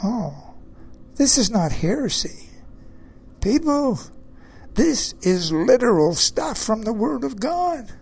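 Slow, gravelly preacher man. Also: very high-pitched, sing-song, darkish tone. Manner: emphatic, repeats key phrases, rhetorical questions to listeners. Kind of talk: sermon.

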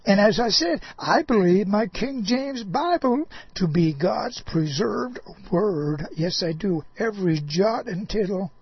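Male preacher, folksy sermon voice, slow drawl with chuckles, husky, dry close sound. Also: sits high, animated, no room sound, highs cut off. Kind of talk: folksy sermon addressed to an apostle.

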